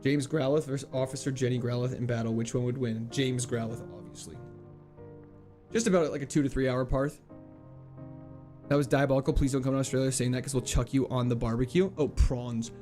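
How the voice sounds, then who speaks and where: A man's voice: mid-range voice, fairly even intonation, dark tone, soft background music. A young man streaming a game, casually reading and answering chat in a playful, joking way. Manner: playful, chatty, quick laughs, jokey mock French.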